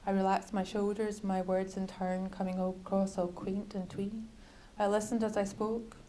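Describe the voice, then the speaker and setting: A woman author reading from her own novel at a bookshop event, measured and wryly literary. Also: medium pitch, level tone, mellow, a little hiss or hum, low-quality recording.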